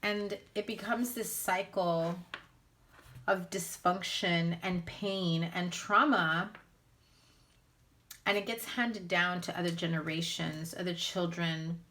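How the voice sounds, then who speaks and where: A woman's voice: on the low side, fairly even intonation, takes it slowly, a bit bright. A woman giving a casual spoken tarot reading to her viewers, blunt and candid, speaking straight out. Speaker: tarot reader.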